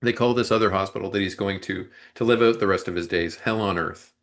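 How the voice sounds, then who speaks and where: A man co-hosting a movie review podcast, talking casually and at length, often clearing his throat and restarting his sentences. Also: deep voice, quick pace, fairly bright tone.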